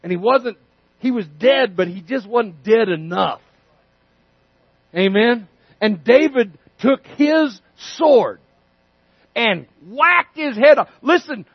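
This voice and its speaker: A man preaching a sermon, telling a story with lively energy and acting out the characters' voices. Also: very high-pitched, no room sound, lo-fi sound. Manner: animated storytelling, acts out voices.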